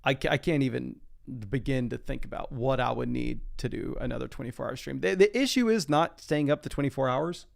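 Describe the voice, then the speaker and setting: Talking a little fast with hardly any pauses, a young man with a creaky, mid-range voice streams a fantasy football draft live from his home desk. He chats casually and reads his viewers' comments out loud.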